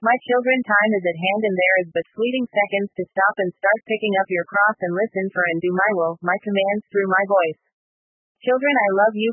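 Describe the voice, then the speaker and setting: A man's voice: high voice, breathy edge, no echo. A man solemnly reading out a prophetic message, calling his listeners children again and again, followed by scripture verses. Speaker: prophetic messenger. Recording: tinny phone-like, dry.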